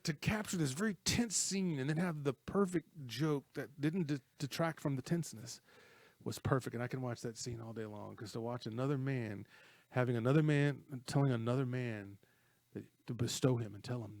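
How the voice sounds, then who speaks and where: Animated man retelling film scenes. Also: medium pitch, normal speed, dry recording. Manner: animated storyteller, retells scenes with acted quotes. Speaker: co-host of a movie talk show. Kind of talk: casual movie chat.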